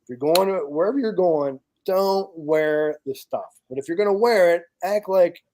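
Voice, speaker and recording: A man from the United States talks casually and bluntly, his voice sitting a touch high for a man. He swears freely and jumps into acted-out bits of his own story with plenty of energy. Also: moderate pace, a little hiss or hum. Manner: blunt, profane, animated storyteller. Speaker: podcast guest, charity founder.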